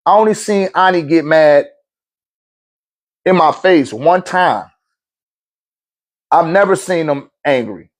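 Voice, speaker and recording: Speaking slowly with long pauses, this middle-aged man has a fairly high, animated voice. He's a spiritual talk show host spinning a relaxed, slang-filled story, with frequent chuckles and acted-out voices for the people he quotes.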